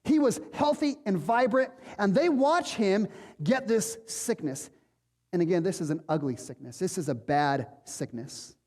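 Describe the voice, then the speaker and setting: A man's voice: sits high, animated, measured pace, a little mellow, in a large hall. A man preaching a sermon as pastor, conversational and emphatic, asking rhetorical questions of his congregation. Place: church sanctuary.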